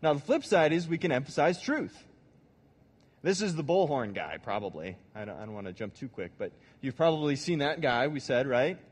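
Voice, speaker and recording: A man's voice: mid-range voice, sing-song, fairly quick, husky, in a large hall. A man giving a casual, conversational sermon as a pastor, joking and acting out quotes along the way. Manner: conversational, acts out quotes, jokes.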